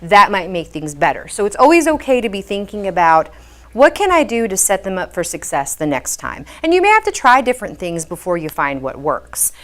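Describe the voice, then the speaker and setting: A woman's voice: medium pitch, big pitch swings, fairly quick. A woman behavior specialist giving a patient, explanatory talk to parents, with frequent fillers as she explains.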